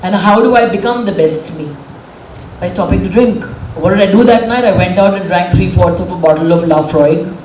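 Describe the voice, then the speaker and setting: A woman's voice: fairly low pitch, normal speed, a little mellow, slight background noise. A middle-aged woman gives a candid, emotional public speech as a guest speaker on a dais. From India. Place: event hall, on a dais. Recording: roomy hall from far off.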